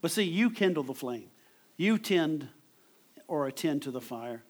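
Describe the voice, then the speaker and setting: A man preaching a sermon, his voice sitting a little high. He talks to the congregation in a conversational way and repeats words as he drives home each point. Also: animated, measured pace.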